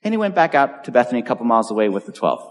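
A man preaching a sermon as pastor, telling the story in a lively, conversational way and acting out the quotes. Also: mid-range voice, rapid-fire. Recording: long hall reverb.

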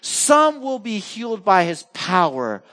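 A middle-aged man preaching a sermon as pastor, animated, swinging between urgent highs and soft low asides. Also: a little slow.

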